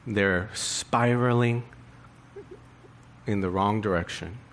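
A man's voice: fairly low pitch, slow pace, a bit bright, slight background noise. A male pastor preaching a sermon in an earnest, confessional way, building emphasis through rhetorical questions.

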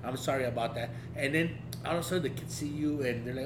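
Emphatic, cursing man, echoey and rumbly. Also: fast talker. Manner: emphatic, profane, agreeing. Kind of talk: casual conversation. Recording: echoey room with a noisy rumble.

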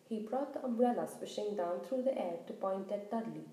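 A woman reading a children's book aloud in an expressive, animated way. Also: mid-range voice, brisk, hardly any pauses. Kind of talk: storybook narration. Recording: roomy echo.

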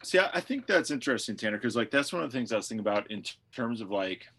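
A man's voice: mid-range voice, very animated, rapid-fire, a bit bright, slightly rough. A man who is a pastor, co-hosting a casual podcast and thinking aloud in a reflective way, with many fillers.

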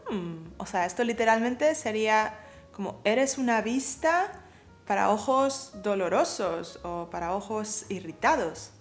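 Lively woman co-hosting a language lesson. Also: mid-range voice, moderate pace, faint music behind. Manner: lively, asks questions and translates. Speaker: co-host. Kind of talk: casual bilingual lesson chat.

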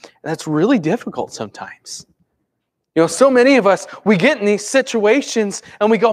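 A man preaching a conversational sermon, swinging between urgent bursts and hushed, calm stretches. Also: high-pitched, normal speed. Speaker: pastor.

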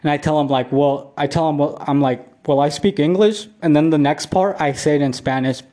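A man with a rather high, dark-toned voice speaks briskly and fairly evenly as he recounts a meandering vlog story from home. The solo storytelling is casual and profane, repetitive and packed with "like" fillers.

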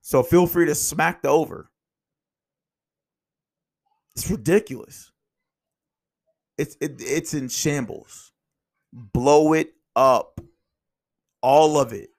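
Gravelly man ranting about basketball. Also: on the high side. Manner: animated, rambling, quick rants. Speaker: podcast host. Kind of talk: casual sports talk.

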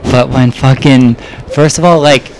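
A man's voice: medium pitch, steady tone, a little slow, darkish tone, slight background noise. A man co-hosting a casual movie chat, laid-back and swearing often.

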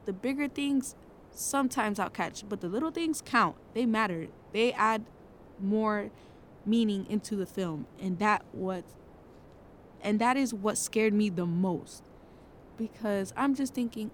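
A teenage girl talks through a film review on her own podcast in a casual, chatty way. She is dramatic and acts playfully spooked, and her voice sits at an ordinary middle pitch. A faint rumble, like a vehicle, hums behind her. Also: a little slow. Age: late teens.

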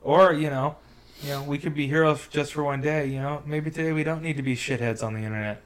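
A man co-hosting a casual podcast, his voice sitting a little higher than most men's. He rambles, restarts his sentences, and drops wry asides. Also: fairly even intonation, quick pace. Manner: rambling, self-interrupting, wry. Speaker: podcast co-host. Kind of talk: casual chat.

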